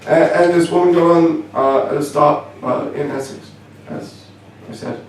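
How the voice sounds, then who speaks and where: A young Canadian man performs a stand-up set in a dry, self-mocking way, halting and restarting often and leaning on fillers. His voice is slightly high for a man, with fairly even intonation. He sounds distant in an echoey comedy club, with faint room noise around him.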